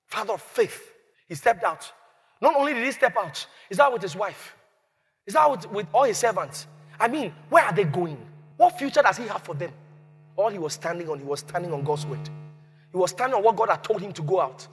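A man preaching a sermon, animated, shouting and acting out scenes. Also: sits high, fairly quick, husky, long reverb tail, soft background music. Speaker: pastor. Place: church.

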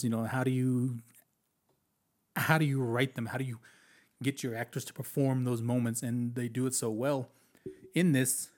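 A man casually talking through a war film he watched, animated and chatty, acting out lines from scenes and laughing often. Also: medium pitch. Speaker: movie reviewer.

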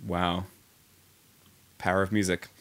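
A man's voice: low voice, little pitch movement, takes it slowly, fairly bright tone. A man with a New Zealand accent co-hosting a podcast, chatting casually and gushing with enthusiasm. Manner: enthusiastic, effusive. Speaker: podcast co-host. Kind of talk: casual chat.

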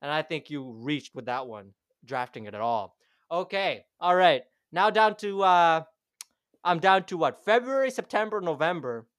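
A young man argues in a heated, sarcastic rant and drops the odd swear. His voice sits high for a man. It is recorded close and dry. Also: animated, normal speed, a bit bright, no echo. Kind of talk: casual chat.

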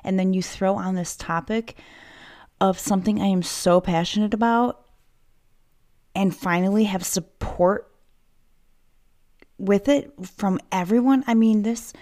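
A woman's voice: mid-range voice, a little mellow. A woman hosting a solo podcast, fired up and angry, swearing often and rambling into asides, recorded inside a child's play tent at home. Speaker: podcast host. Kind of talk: casual solo podcast monologue.

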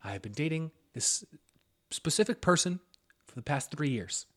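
A young man co-hosting a podcast, telling a story in relaxed casual chat and swearing now and then. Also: on the high side, moderate pace. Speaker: podcast co-host.

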